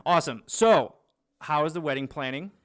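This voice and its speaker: A man's voice: fairly high pitch, moderate pace, slight background noise. A man co-hosting a podcast, playful and teasing, asking rambling questions in casual chat. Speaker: podcast co-host.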